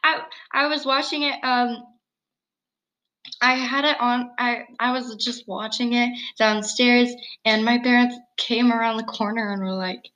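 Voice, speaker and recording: A girl in her early teens co-hosting a casual video-call chat, giggly, chatty and quick to laugh at herself. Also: fairly high pitch, steady tone, fairly bright tone, low-quality recording. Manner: giggly, chatty, self-deprecating. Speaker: co-host. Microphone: computer mic on video call.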